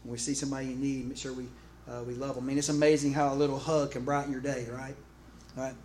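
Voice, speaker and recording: A man preaching a sermon in an animated, conversational way, often restarting phrases and calling out to his congregation. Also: medium pitch, fast. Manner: calls out to the congregation. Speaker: pastor. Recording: echoey room with faint background noise.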